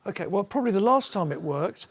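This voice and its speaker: Husky, high-voiced joking TV presenter. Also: male voice, lively intonation, brisk. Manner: jokey and teasing. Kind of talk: casual banter.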